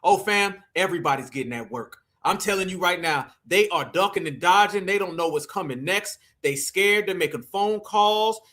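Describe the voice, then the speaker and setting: Man, livestream host, high bright voice, emphatic, repetitive, preachy. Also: lively intonation, normal speed, hardly any pauses. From United States. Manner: emphatic and repetitive, calls listeners "fam"; preachy, addresses the audience directly. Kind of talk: livestream commentary.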